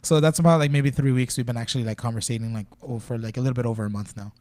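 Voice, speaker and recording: A man's voice: mid-range voice, fairly even intonation, very fast, a little mellow, no echo. A young man talking casually on a podcast, telling a rambling, profane story full of fillers. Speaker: podcast guest. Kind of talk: casual chat.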